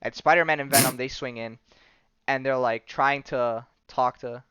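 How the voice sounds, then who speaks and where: A man's voice: medium pitch, steady tone, moderate pace, sharp tone, smooth, no room sound, muffled recording. A man hosting a podcast, casually retelling a comic story with lots of fillers and frequent laughs. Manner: rambling, many fillers, laughs often. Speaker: podcast host. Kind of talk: casual comic-book recap.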